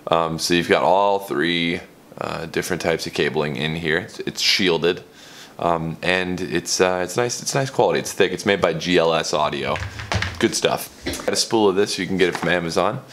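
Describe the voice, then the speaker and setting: Male vlog host, very low voice, candid and rambling, home-studio tutorial, faint background hiss. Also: normal speed, fairly bright tone. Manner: candid, rambling, self-correcting. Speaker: channel host. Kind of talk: casual DIY tutorial vlog.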